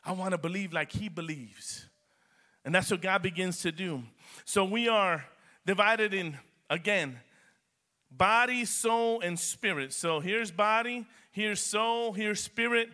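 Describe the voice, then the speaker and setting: A man's voice: high voice, takes it slowly, bright, forceful tone. A man preaching a sermon in a church as pastor, repeating phrases and building emphasis. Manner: preaching with rising emphasis and repetition.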